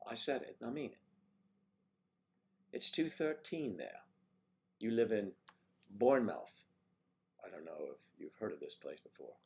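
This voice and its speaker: Unhurried and expressive, this man speaks in a lowish, slightly mellow voice with vocal fry and long pauses. During his casual morning livestream he reads viewers' names and comments aloud and answers them with easygoing jokes.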